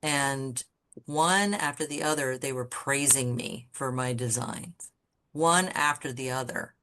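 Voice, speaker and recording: A woman guest on a podcast, telling candid stories about her design career in a blunt, swearing, animated way. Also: a bass voice, a little slow, slight background noise. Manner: animated storyteller who acts out quoted people. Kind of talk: casual storytelling interview.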